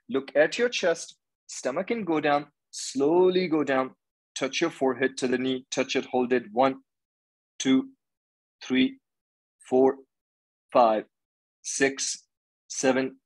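A man's voice: medium pitch, poor audio. A man leading a hot yoga class, giving firm, rhythmic commands and counting through each pose. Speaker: yoga teacher. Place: yoga studio.

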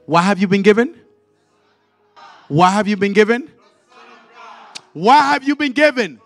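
A male evangelist preaching a fiery sermon in a church, leading call-and-response and swinging from quiet words to shouted, repeated lines. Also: high-pitched, expressive, unhurried. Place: church sanctuary. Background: faint music from the musicians.

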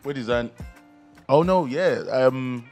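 A man's voice: mid-range voice, slow pace. Nigerian man, guest podcast co-host, emphatic ranter, faint music bed. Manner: emphatic, animated, ranting with bursts of laughter. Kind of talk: casual podcast chat.

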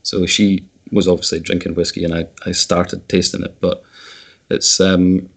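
Man, 30s, very low voice, guest on video call, halting, repeats words. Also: little pitch movement, vocal fry, husky. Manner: hesitant, repeats words as he starts sentences. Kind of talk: casual video call chat.

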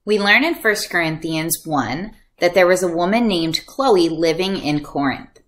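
A woman's voice: lowish voice, measured pace, a bit bright. A woman leading a children's Bible lesson, talking animatedly and acting out voices for the kids. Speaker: children's ministry teacher. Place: church video lesson.

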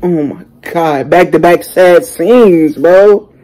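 A young man hosting a reaction video, talking casually and excitedly in slang, exclaiming and chatting as he watches. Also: a little high, slow, soft background music, rough recording. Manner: exclamatory, slangy, keeps saying "bro".

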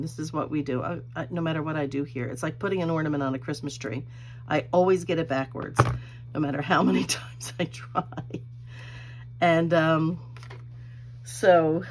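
A woman's voice: low voice, slight background noise. A middle-aged woman hosting a crafting video, telling a rambling personal story while she works, laughing often. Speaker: crafting channel host.

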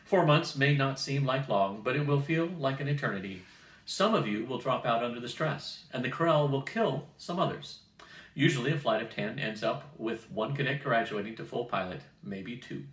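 A man doing a gruff, barking flight captain. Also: medium pitch, animated, normal speed, fairly bright tone, natural voice. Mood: stern. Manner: curt, barking commands. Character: gruff older male flight instructor, stern captain. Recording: roomy, distant mic.

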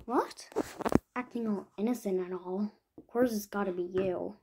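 A woman's voice: medium pitch, normal speed, background noise. A woman playing out a murder mystery with toy horses, switching between chatty, whispered and accusing voices for each character. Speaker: toy horse role-play creator.

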